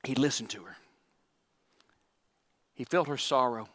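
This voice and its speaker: Male pastor, sermon delivery, emphatic with asides; bright voice, reverberant hall. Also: medium pitch, a little slow. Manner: emphatic preaching with repetitions and asides.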